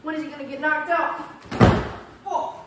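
Woman gamer talking big tough-guy trash, high voice, mic kinda far off. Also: fairly even intonation, moderate pace, heavy reverb, heavy background noise. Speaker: gaming vlogger. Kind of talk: playing a game on stream.

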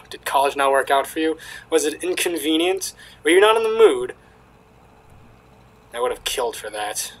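A man reading the lines of a bitter, sardonic young adult female crocodile from a game, in a flat, cutting, quiet delivery. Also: medium pitch, slightly rough, pitched below the performer's own voice, low-quality recording. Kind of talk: reading game dialogue aloud.

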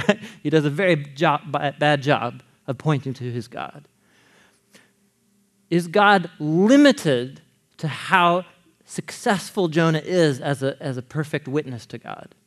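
A man delivers an animated sermon with a fairly high voice that swoops up and down. He keeps it jokey and conversational and speaks straight to his listeners. He often breaks into a chuckle as he teaches. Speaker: Bible teacher.

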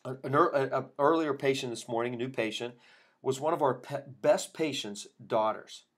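Guy host talking shop w other chiropractors, tells stories and acts out the dialogue, mid pitch. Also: moderate pace. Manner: storytelling, quoting patients and himself in dialogue. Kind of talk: casual podcast talk with acted patient quotes.

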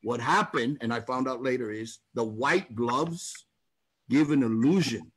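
A man's voice: medium pitch, unhurried, husky. A man telling a boxing story in a casual talk-show chat, acting out the voices of the people in it. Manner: animated, acts out voices in his story.

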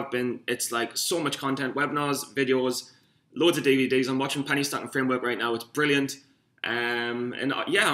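A man's voice: medium pitch, pushed and bright. A young man from Newcastle with a Geordie accent, rambling and swearing through a casual vlog from his room. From Newcastle, England. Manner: rambling, swearing, self-mocking. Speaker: vlogger. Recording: echoey room.

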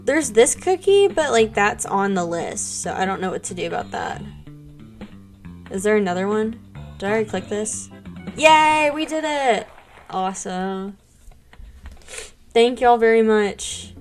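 A young woman streaming a game, chatting casually and gushing thanks to her viewers. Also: medium pitch. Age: young adult. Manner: bubbly, gushing thanks to chat. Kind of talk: casual live-stream chat while gaming.

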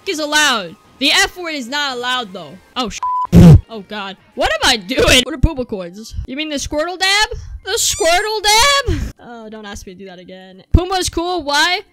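A young woman streaming a racing game, chatting casually with her viewers and breaking into loud excited outbursts. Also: high voice.

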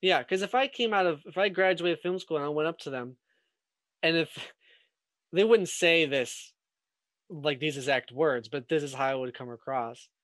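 A man's voice: fairly high pitch, moderate pace, a bit bright, dry recording. A young man, a filmmaker guest on a podcast, chatting casually, rambling and swearing freely. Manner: rambling, swears freely, many "you know"s. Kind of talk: casual chat.

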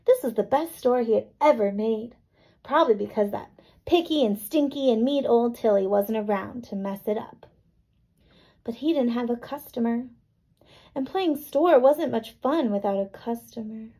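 A woman teacher reading a picture book to children, gently explaining and checking in with little questions. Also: a little high, moderate pace, slightly rough, rough recording. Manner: gentle, checks in with "right?" and "okay?".

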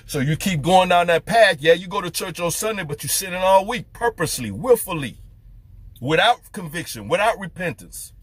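A man's voice: sits high, lively intonation, moderate pace, fairly bright tone, breathy edge, no echo. A man preaching as a street preacher, fervent and firing off rhetorical questions. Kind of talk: preaching to camera.

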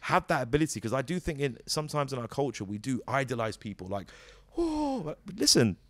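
A man, a comedian giving a casual interview, animated and jokey, swearing freely and slipping into quick character voices. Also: mid-range voice, dry recording. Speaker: comedian and actor, guest.

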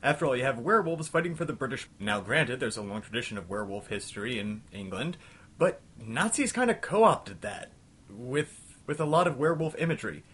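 A young man hosting a comedic game review, ranting in an exasperated, scattershot way and talking himself back to calm. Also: mid-range voice, a little fast, slightly rough. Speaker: host of a retro game review show.

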